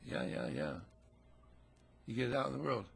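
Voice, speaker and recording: Gravelly husky man telling a story. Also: mid-range voice, very animated, moderate pace. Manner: folksy, chatty, acts out characters. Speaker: speaker telling a parable. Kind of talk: conversational storytelling talk.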